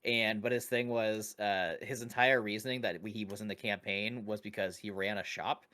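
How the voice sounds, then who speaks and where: A man's voice: on the low side, steady tone, moderate pace, bright, forceful tone. Laughing, profane podcast co-host man. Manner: loose and profane, laughing often, rambling with restarts. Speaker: podcast co-host and dungeon master. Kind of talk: casual podcast chat.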